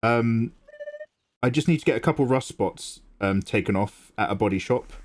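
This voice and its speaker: A middle-aged British man hosting a livestream, chatting casually with viewers and answering them with quick jokes and asides. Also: mid-range voice. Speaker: livestream host. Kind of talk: casual chat with viewers while drawing.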